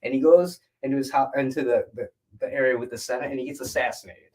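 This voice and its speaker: A young man chatting on a casual livestream, telling a story with lively energy and frequent laughs. His voice sits at a middling pitch, relaxed and conversational. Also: fast. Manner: animated storyteller, laughs often. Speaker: guest artist.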